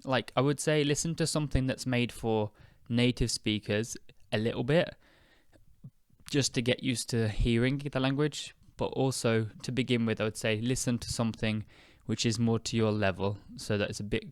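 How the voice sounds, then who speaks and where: A young British man hosting an English-learning podcast, speaking slowly and clearly in a chatty, relaxed way with fillers. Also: medium pitch, no echo, clean studio sound. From United Kingdom. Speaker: podcast host and English teacher. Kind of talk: casual spoken lesson.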